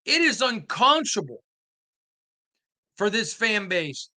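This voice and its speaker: A middle-aged man hosts a sports talk show, delivering a rambling but impassioned monologue. His voice sits high and sounds bright and forceful. He drifts through anecdotes and then pushes hard into his opinions. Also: very animated, slow. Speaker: sports beat writer and show host.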